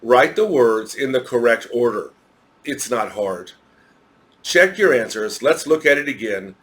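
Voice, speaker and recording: A man with an American accent walks through a grammar lesson at an unhurried, deliberate pace. He explains each point step by step and spells words out letter by letter for his students. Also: medium pitch, expressive. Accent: American English. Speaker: English teacher. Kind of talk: recorded English grammar lesson.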